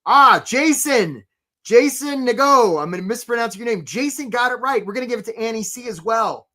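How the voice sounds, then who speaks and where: A man's voice: very high voice, animated, normal speed, pushed and bright. Man running a live career webinar, upbeat conversational coach, greets people by name, keeps asking right.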